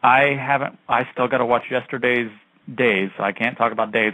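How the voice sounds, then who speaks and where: A man's voice: fairly low pitch, vocal fry, fairly bright tone, no room sound, poor audio. A man co-hosting a casual chat radio show, talking in a gushing, rambling way. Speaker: co-host. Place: home studio, call-in radio show.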